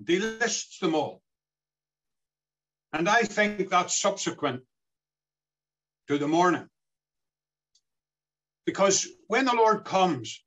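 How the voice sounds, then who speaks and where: A man's voice: fairly high pitch, fairly bright tone, breathy edge, poor audio. A man preaching a sermon in an earnest way, his voice rising and falling as he quotes scripture.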